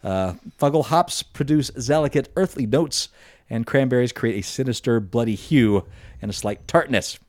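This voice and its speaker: A man's voice: medium pitch, normal speed, a little mellow, no room sound. A man hosting a casual podcast, reading offbeat news stories aloud and adding remarks. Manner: reads stories aloud with asides.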